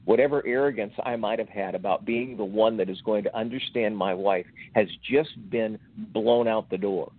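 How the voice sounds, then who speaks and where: A man in his sixties, a guest on a faith podcast, telling a personal story in a slow, reflective, halting way. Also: fairly low pitch. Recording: tinny phone-like audio.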